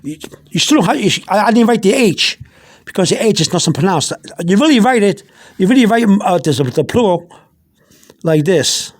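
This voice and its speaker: Holding his phone in one hand, a Spanish teacher walks through an informal pronunciation lesson at a moderate pace. His high voice has lively intonation, and he patiently repeats words, restarting again and again.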